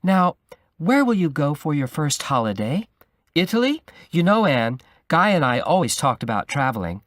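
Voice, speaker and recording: A soft-voiced, unsettling madman voiced by a man reading the story slides his words in with sly, insinuating charm. The pitch swings widely as he teases. It is recorded close and dry. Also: very animated, normal speed, no room sound.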